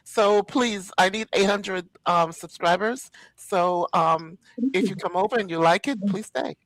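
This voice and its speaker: A woman's voice: medium pitch, a little slow, no echo, low-quality recording. A woman speaking hesitantly with many fillers as a guest on a live stream. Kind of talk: casual live-stream chat.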